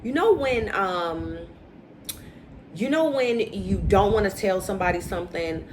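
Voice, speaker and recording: A woman recapping a reality show in casual, opinionated chat, acting out quotes with animated inflection. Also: mid-range voice, unhurried, slight background noise, poor audio.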